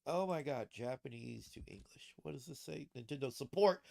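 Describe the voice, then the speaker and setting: A man's voice: fairly high pitch, vocal fry, sharp tone. A man streaming late at night, reacting to posts in loose, profane commentary and laughing often at his own jokes. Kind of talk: casual livestream commentary.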